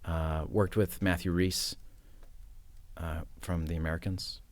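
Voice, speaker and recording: A man who is an actor, guest on a studio podcast, telling casual stories in an animated, self-mocking way with the odd swear word. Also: low-pitched, measured pace. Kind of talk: casual storytelling chat.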